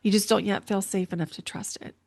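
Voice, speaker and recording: In a quick, steady monologue, a middle-aged podcast host who works as an intuitive coach reflects with earnest emotion, repeating herself to drive points home. Her mid-range voice is a little mellow and carries vocal fry. The sound is clean studio audio with no echo.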